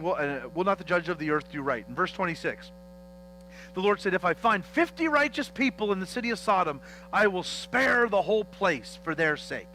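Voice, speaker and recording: A man preaching a teaching sermon as pastor, animated and joking as he acts out the dialogue of a Bible story in church. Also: sits high, poor audio.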